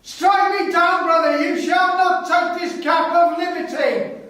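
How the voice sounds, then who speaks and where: A man's voice: very high-pitched, steady tone, unhurried, pushed and bright, heavily acted. Defiant male protester, played by an actor, heavy echo. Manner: defiant, declamatory. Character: defiant male flag defender. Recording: very echoey, distant mic.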